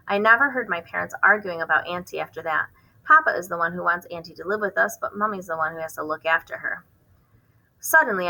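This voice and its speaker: A woman reading a children's novel aloud, expressive, with occasional stumbles and rereads. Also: lowish voice, rough recording. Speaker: reader hosting a book channel.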